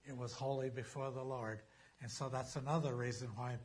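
Husky guy preaching a sermon, leans hard on the words, reads verses slow. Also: mid-range voice, fairly even intonation, darkish tone. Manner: emphatic preaching, slows down to read scripture aloud. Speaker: pastor.

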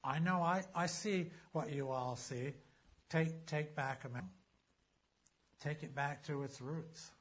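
A man preaching a sermon as a pastor, emphatic, slowing down to read scripture aloud. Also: fairly high pitch, husky.

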